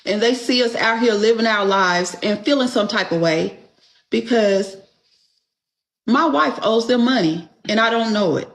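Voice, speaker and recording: Slow-talking, blunt storytelling woman. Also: fairly high pitch. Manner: blunt, exasperated, swears freely. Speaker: podcast host. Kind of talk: casual storytelling chat.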